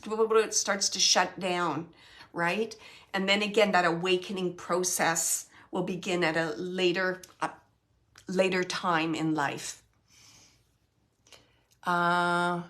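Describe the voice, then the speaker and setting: A middle-aged woman chats casually on a live stream. She rambles and corrects herself often, in a reassuring tone with a middle-pitched voice. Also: pushed and bright. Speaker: medium hosting a live chat. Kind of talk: casual live-stream chat answering viewer comments.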